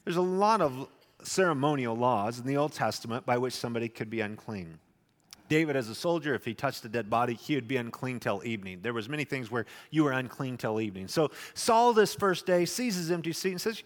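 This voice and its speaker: A man's voice: medium pitch, expressive, a little fast. A male pastor preaching a sermon, teaching through a Bible passage in a conversational way with wry asides. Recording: long reverb in a large hall.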